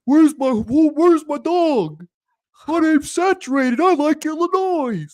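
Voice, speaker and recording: A man doing a mocking impression of a goofy high-voiced male viewer, squeaky and dopey. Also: expressive, slow, darkish tone, dry recording, heavily acted.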